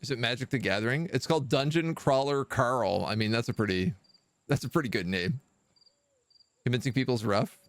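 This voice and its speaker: A Quebec-based streamer plays a kingdom sim strategy game, giving casual, wry live commentary and thinking aloud as he goes. His mid-range voice moves fairly quickly, with no echo.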